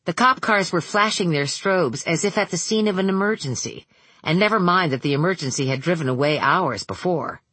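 A woman reading an audiobook in a measured, steady voice. Her tone is low and husky. The recording is close and completely dry. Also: no echo. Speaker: audiobook narrator. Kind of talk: scripted narration.

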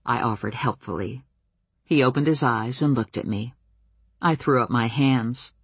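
Husky woman reading a novel aloud. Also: very deep voice, normal speed, no echo. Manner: wry, expressive storytelling with lively voiced dialogue. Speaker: audiobook narrator. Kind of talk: first-person novel narration.

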